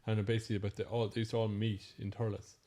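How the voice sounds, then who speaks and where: A young Irish man joins the pub chat, quick but hesitant and prone to trailing off. His voice is warm and mellow, a little low. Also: level tone.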